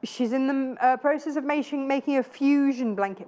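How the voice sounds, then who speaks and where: A woman's voice: high voice, normal speed, few pauses, warm tone. A woman in her thirties presenting live TV sales in a chatty, gushing way with self-deprecating asides. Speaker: shopping channel presenter. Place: TV studio.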